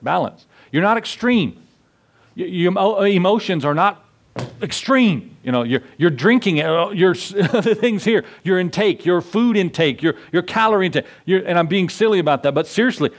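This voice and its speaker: A middle-aged male pastor preaching a sermon in an earnest, conversational way, asking the listeners rhetorical questions. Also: sits high.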